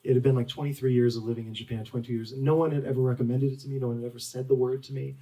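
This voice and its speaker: A man's voice: mid-range voice, flat delivery, very fast, dark tone. Rambling man heard from a distance. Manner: rambling, full of "like" and restarts. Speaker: author guest. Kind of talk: storytelling at a live book talk. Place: bookstore event.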